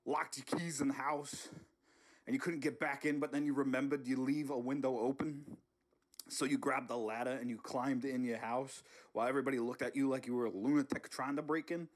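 A brash older politician played by a man sneaks through a friend's house, muttering and stammering, repeating himself. The voice is husky and breathy, sitting at a middling pitch. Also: lightly acted. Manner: rambling, stammering, repeats words.

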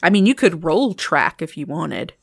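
A woman narrating a tabletop game as game master, casual with many fillers and slowing on details. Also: low-pitched, big pitch swings, creaky, slight background noise.

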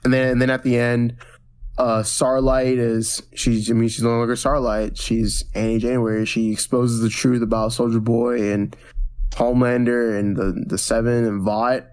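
Male podcast co-host, mid-pitched, loose rambling recap style with lots of restarts. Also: level tone, normal speed, a little mellow. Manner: rambling recaps with many restarts and acted-out quotes. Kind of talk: casual pop-culture podcast chat.

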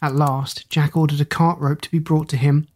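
A narrator reading an old fairy tale aloud in a measured, even way. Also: mid-range voice. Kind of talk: storybook narration.

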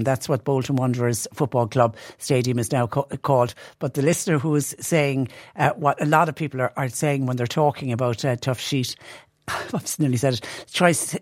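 A woman's voice: rumbling low, darkish tone, dry recording, studio quality. A middle-aged woman hosting a local radio phone-in and chatting through listener messages. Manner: chatty, reads listener texts aloud. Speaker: radio presenter. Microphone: studio microphone.

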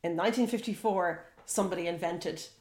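A woman's voice: on the low side, a little fast, darkish tone, roomy sound. A woman producing a casual podcast and running a quiz, chatty and laughing, often restarting her sentences.

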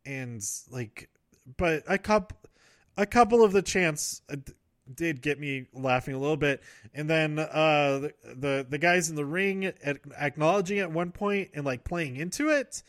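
A man's voice: on the high side, a little slow, no room sound, clean studio sound. A man casually recapping wrestling events, rambling, correcting himself and laughing often.

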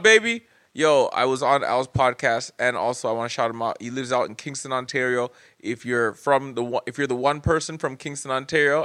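A man in his thirties hosting a casual podcast chat, laughing often and shouting out listeners. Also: medium pitch, no echo, clean studio sound. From Canada. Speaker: podcast host.

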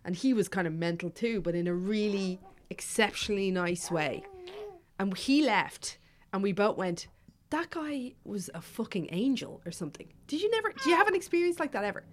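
A woman hosting a podcast, chatting casually with quick, animated reactions and frequent swearing. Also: mid-range voice, slight background noise. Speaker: podcast host. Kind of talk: casual chat, storytelling.

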